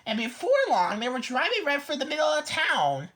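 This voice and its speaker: A woman reading a children's picture book aloud slowly and expressively, with small stumbles. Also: high voice, big pitch swings, fairly bright tone.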